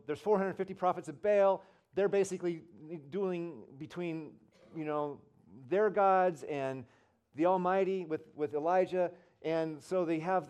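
A man preaching a sermon as pastor, telling stories conversationally and swinging from loud and emphatic to soft and hushed. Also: a little high. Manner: conversational storytelling, swells loud then drops soft.

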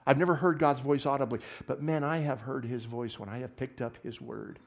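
A man preaching a sermon in a church, animated, moving from loud exclamations to hushed asides and often asking the congregation questions. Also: medium pitch, brisk, creaky. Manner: asks the audience questions often. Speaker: pastor.

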